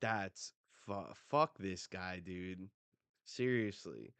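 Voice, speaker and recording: A man hosting a live manga reading reaction, casual and animated, swearing freely as he gets excited. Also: deep voice, extremely slow, clean tone, no echo.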